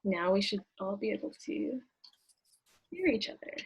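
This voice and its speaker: A woman's voice: medium pitch, sing-song, moderate pace, husky. A woman hosting an online children's story time on a video call, talking casually and upbeat to kids and parents. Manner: friendly, upbeat, with "um" fillers.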